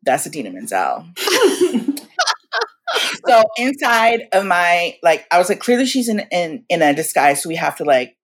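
A woman in her forties, guest in a casual interview, telling stories in an animated, slangy way and acting out what people said. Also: fairly low pitch, unhurried, long pauses. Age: 40s. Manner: animated, slangy, acts out quotes.

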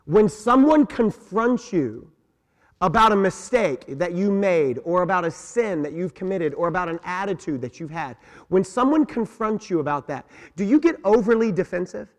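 A man's voice: high-pitched, lively intonation, normal speed. A man preaching a sermon as senior pastor, emphatic, repeating key words and asking his congregation questions. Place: church sanctuary. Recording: long church reverb.

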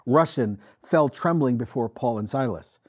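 A man's voice: medium pitch, normal speed, a little mellow, breathy edge. A male pastor preaching a sermon to his congregation, emphatic and asking them questions. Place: church with a congregation.

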